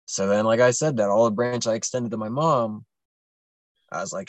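A man's voice: lowish voice, brisk, dry recording. A young man hosting a podcast, telling a long story casually with lots of swearing and fillers. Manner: rambling, profane, many fillers. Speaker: podcast host.

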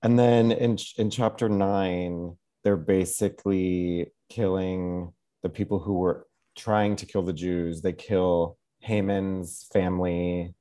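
A man co-hosting a podcast, retelling a story in a loose, animated way with crude jokes. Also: low-pitched, takes it slowly, few pauses. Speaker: podcast co-host. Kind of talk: casual podcast chat.

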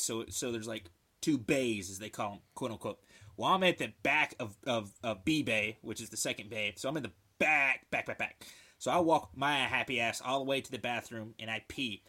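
A man telling a profane, animated story in casual chat. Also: mid-range voice.

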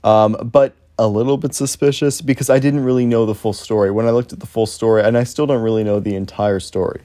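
Speaking quickly in a mellow, mid-range voice with fairly even intonation, a young podcast host talks by himself. It's a casual monologue full of self-deprecating rambling and free cursing as he thinks aloud.

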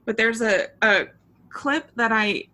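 Woman, podcast co-host, casual chat, bright tone, higher pitch, giggly, swears freely. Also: slow. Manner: giggly, swears freely, laughs hard while retelling scenes.

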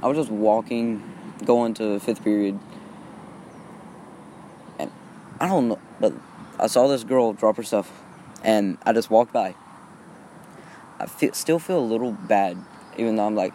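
A man's voice: fairly low pitch, measured pace, pauses often, dark tone, slight background noise. A teenage boy from Texas rambling through a solo podcast, hesitant and full of fillers, recorded outdoors. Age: teens. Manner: hesitant, repeats fillers often. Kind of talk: rambling casual monologue. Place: outdoors in wind.

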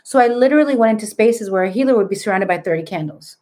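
A woman in her late forties, a psychic medium, telling her story in a casual, animated way and mixing in Spanish words. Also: mid-range voice, fast. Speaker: podcast guest, psychic medium.

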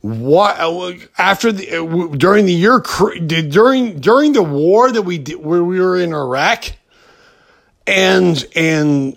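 A man talks slowly through a rambling, profane podcast rant. His voice has a gravelly, fry-laden edge, and he keeps stopping and restarting his sentences. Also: high-pitched, lively intonation. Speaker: podcast host. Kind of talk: casual ranting monologue.

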